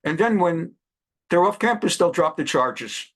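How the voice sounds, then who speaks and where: A high-voiced man in his seventies lectures with fierce conviction. He scolds and hammers his points home with one rhetorical question after another, in the way a rabbi speaks from long experience. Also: animated, measured pace, fairly bright tone. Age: 70s. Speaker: rabbi and law professor. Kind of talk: impassioned direct-to-camera address.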